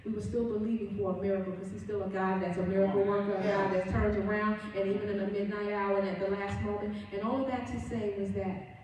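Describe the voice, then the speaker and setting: Mellow-voiced woman preaching in an echoey hall. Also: mid-range voice, flat delivery, quick pace, recorded from a distance, a little hiss or hum. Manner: earnest storytelling preacher. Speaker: minister. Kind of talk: sermon. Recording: very echoey room, voice from afar.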